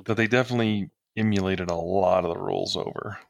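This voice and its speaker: A man's voice: low voice, steady tone, quick pace, creaky, no room sound, studio quality. A man co-hosting a game podcast, talking casually and easily about the rules. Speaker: podcast co-host.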